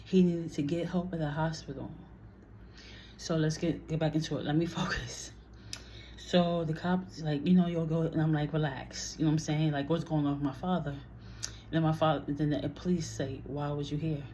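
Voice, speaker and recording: A woman recounts a personal story straight to camera in a casual vlog. She talks bluntly and heatedly, swears freely and acts out what others said. Her voice sits fairly low and dark, with a faint hiss in the background. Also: steady tone, normal speed.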